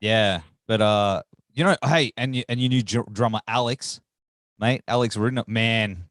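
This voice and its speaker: A man's voice: fairly low pitch, normal speed, fairly bright tone, dry recording, studio quality. Laid-back male host, morning voice. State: rough morning voice. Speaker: podcast host. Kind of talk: casual interview chat.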